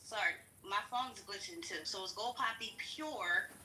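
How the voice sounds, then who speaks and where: A woman moderating a live online discussion room, briskly managing the speaker queue. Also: mid-range voice, sharp tone, echoey room, distant mic, low-quality recording.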